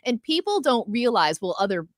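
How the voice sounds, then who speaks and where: Animated, playful woman radio guest. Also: a little high, moderate pace, no echo, studio quality. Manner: playful, teasing, laughs often. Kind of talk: casual radio chat.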